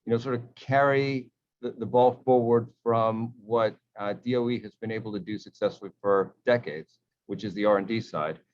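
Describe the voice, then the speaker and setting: A man with a low voice gives hesitant closing remarks, full of pauses and fillers. The audio sounds dull and lo-fi.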